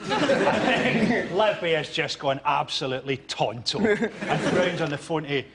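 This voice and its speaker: A man's voice: a little high, lively intonation, slow pace, a little hiss or hum. A Scottish man trading wry jokes as a comedy panelist on a TV studio show. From Scotland. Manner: wry, jokey delivery. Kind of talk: quick-witted panel show banter. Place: TV studio with live audience. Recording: studio show with loud audience laughter.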